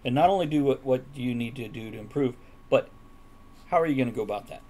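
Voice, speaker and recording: A man's voice: medium pitch, quick pace, a little mellow. A man hosting a casual chat, asking questions and giving direct practical advice. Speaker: host.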